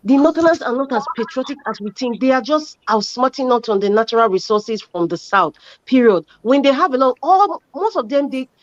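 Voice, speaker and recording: A woman's voice: sits high, animated, fairly quick, dry recording. Emphatic Nigerian woman, dull dry audio. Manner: forceful, emphatic, talks over others. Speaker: panel guest. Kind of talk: heated panel discussion.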